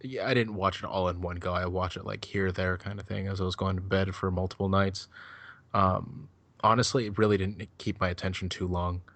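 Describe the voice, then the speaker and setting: A man with a deep, low voice talks in a loose, rambling way, swearing freely as he chats on a podcast. The sound is dry and close, with no room around it. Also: little pitch movement, a little fast, a bit bright, no echo. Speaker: podcast co-host. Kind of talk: casual chat.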